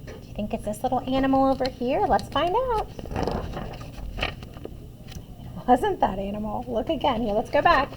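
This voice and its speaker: A woman's voice: high voice, measured pace, long pauses, background noise. A woman reading a picture book aloud to children, asking them questions about the pictures as she goes. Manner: animated, asks listeners questions about the pictures. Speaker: children's story reader.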